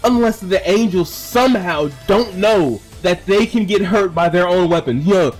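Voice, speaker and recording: A man's voice: high voice, normal speed, soft background music. A young man giving an exasperated, casual reaction rant as a commentator, stumbling over repeated words and swearing.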